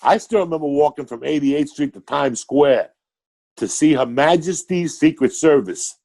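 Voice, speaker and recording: Gravelly, profane New York storyteller man. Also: a little high, moderate pace, a little mellow. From Cuba, raised in New York City. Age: older. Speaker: guest comedian. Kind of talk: casual podcast chat.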